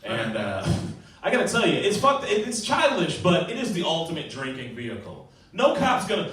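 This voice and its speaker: A man's voice: fairly high pitch, moderate pace, few pauses. A man in his forties doing a profane, brash stand-up set at an open mic. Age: 40s. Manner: brash, profane, lively, laughs at his own jokes. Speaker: stand-up comedian. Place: small comedy venue. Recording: echoey room, mic heard from far off.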